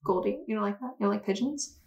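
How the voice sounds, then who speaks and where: A woman's voice: mid-range voice, fast talker, a little mellow, dull audio. A woman co-hosting a podcast, telling a true-crime story in a chatty, enthusiastic way. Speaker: podcast co-host. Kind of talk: casual chat.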